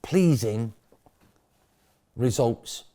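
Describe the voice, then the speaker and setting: A middle-aged man tells football stories in a pub interview with colourful slang. His voice swoops up and down as he rattles through the tale, breaking into loud laughing bursts. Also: medium pitch, lively intonation, drawn-out words. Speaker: interviewee, former football manager. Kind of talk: animated storytelling interview.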